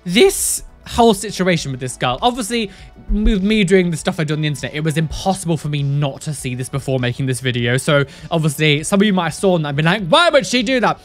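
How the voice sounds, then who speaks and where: A woman's voice: sits low, animated, fast, faint music behind. A young woman hosting a reaction video, with casual, sarcastic commentary full of exclamations. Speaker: tattoo reaction video host.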